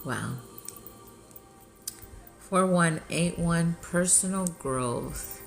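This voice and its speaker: A woman hosting a live spiritual healing session, chanting in light language and then talking softly and emotionally, often laughing. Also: fairly low pitch, gravelly, faint music behind. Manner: soft, unhurried and tearfully emotional, often laughing.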